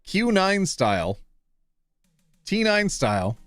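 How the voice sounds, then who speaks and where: A man's voice: high voice, sing-song, takes it slowly, fairly bright tone, faint music behind. A man in his thirties hosting a live stream, playful and self-deprecating, fumbling over names and joking with chat. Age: 30s.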